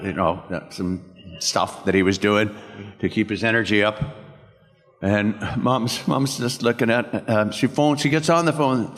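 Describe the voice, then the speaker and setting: A man's voice: medium pitch, a bit bright. Older man rambling through stories, hall echo. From Canada. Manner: rambling, laughing through anecdotes. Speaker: guest voice actor at a convention panel. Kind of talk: storytelling at a panel Q&A. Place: convention hall. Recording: reverberant convention hall.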